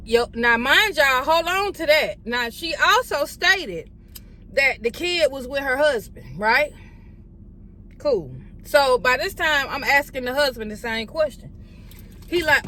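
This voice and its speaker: A woman telling a story to her viewers, retelling a confrontation in an animated, profane way with heated quoted dialogue. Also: high voice, a little slow, slight background noise. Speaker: vlogger. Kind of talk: storytime vlog.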